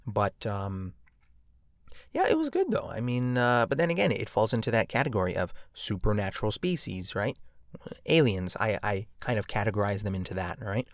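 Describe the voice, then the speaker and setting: A man's voice: lowish voice, expressive, normal speed, dry recording, clean studio sound. A man hosting a podcast alone, rambling and joking with lots of fillers and tag questions. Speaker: podcast host. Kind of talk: casual podcast monologue.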